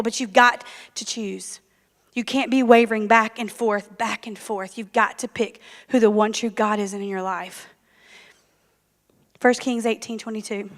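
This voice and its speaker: Woman preacher, a bit high, lively storyteller with asides, long church reverb. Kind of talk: sermon. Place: church sanctuary.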